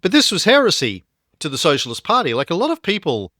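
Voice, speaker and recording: A man's voice: a little high, wildly swooping pitch, fast talker, sharp tone, no echo. Man explaining history, dry sound. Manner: explanatory, hesitant with fillers. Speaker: podcast co-host. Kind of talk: history podcast discussion.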